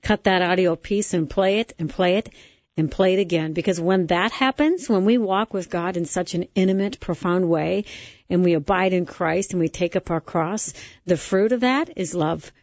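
A woman's voice: on the low side, normal speed, darkish tone, no echo. A woman hosting a Christian radio talk show, responding to her guest in an earnest, effusive way. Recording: dull lo-fi radio sound.

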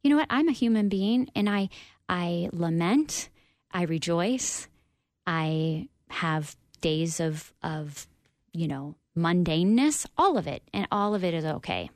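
A woman's voice: lowish voice, animated, measured pace, darkish tone, dry recording, clean studio sound. A woman guest on a radio interview, telling her personal story in an earnest, open, reflective way with frequent ums.

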